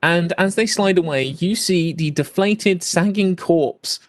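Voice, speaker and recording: Hesitant game master. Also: male voice, sits high, unhurried. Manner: hesitant, with many fillers. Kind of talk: narrating a tabletop game.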